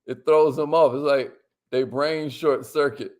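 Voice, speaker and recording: Man in his own casual voice, a slightly high-pitched livestream host who talks slang and hypes up the chat. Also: measured pace. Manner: lively, hypes up viewers and reads their comments; drops to a near whisper to make a point. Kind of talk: casual livestream talk to viewers.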